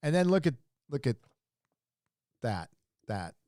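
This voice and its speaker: A man's voice: mid-range voice, big pitch swings, takes it slowly, warm tone, dry recording. Rambling male commentary host, dry sound. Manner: rambling, restarts often, chuckles and reacts to images. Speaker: show host. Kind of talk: casual livestream commentary.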